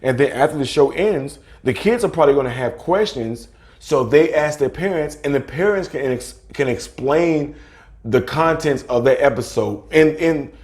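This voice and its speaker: A man's voice: on the high side, expressive, normal speed, a little mellow. A man in his thirties co-hosting a podcast, chatting casually over drinks, rambling, restarting sentences and hunting for words. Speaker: podcast co-host.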